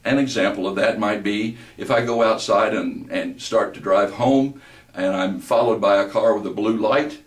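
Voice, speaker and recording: A man giving an instructional lecture on voice delivery, speaking deliberately and slowing down to demonstrate words. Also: on the low side, far from the mic. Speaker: voice-over instructor. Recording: roomy, from the mic.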